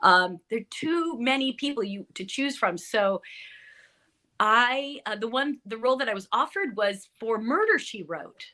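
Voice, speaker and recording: Middle-aged woman, bright voice, chatty interview guest, fillers and self-corrections. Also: a little high, lively intonation, a little slow. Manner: chatty, many fillers and restarts. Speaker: actress guest. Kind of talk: casual interview chat.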